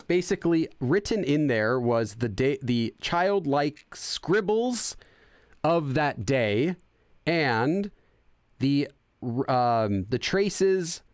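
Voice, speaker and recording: A chatty young man gives casual let's-play commentary at a middle pitch, laughing often and poking fun at himself while he translates game text aloud. The recording is close and dry, with no room sound. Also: no echo. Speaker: gaming channel host.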